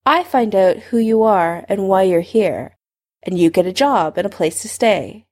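A woman voicing an old male headmaster wizard who speaks in a measured, dry, quietly pressing way. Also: mid-range voice, expressive. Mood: calm.

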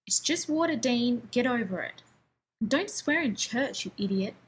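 A woman putting on a petulant kid brother, high and whiny, scornful, storybook reading. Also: lively intonation, unhurried, a little hiss or hum, low-quality recording. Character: sulky, scornful young boy, the little brother.

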